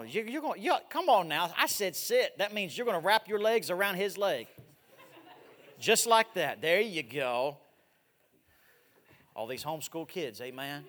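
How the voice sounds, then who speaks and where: A man in his forties preaching a missionary sermon, swinging from loud exhortation to hushed, drawn-out words. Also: sits high, big pitch swings. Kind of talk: evangelistic sermon with live demonstration. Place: large church sanctuary. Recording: echoey church hall.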